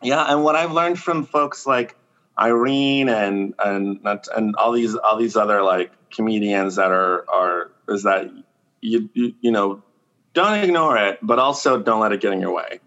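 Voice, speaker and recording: A man chatting casually on a podcast as a comedian, acting out quoted lines in a higher voice. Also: unhurried, muffled recording. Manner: animated storyteller, acts out quotes in a raised pitch.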